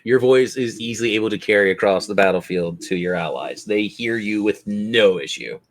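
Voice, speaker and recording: A man's voice: lowish voice, normal speed. A man acting as game master, narrating a tabletop game with patient, descriptive turns.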